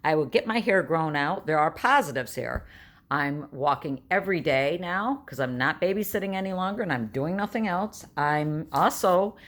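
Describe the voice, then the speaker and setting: A woman, telling stories in a blunt, chatty home vlog. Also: sits low. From New York State. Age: 60s. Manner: chatty storyteller, blunt and emphatic. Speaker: vlogger. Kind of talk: casual vlog monologue.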